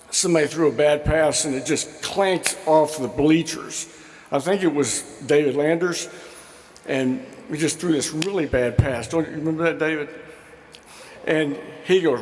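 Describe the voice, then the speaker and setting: A man telling affectionate stories at a memorial, with lots of fillers and imitations of his old coach, speaking at a podium mic in a large school gym. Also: on the high side. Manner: warm storytelling with fillers, mimics quoted coach. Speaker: memorial speaker, former player. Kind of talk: anecdotal eulogy. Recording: echoey gym with long reverb.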